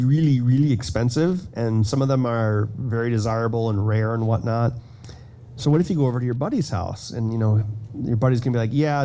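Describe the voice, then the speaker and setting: A man's voice: medium pitch, slight background noise. Casual man giving a keynote talk. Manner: casual, self-deprecating, animated storytelling. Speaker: keynote speaker. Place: conference hall stage.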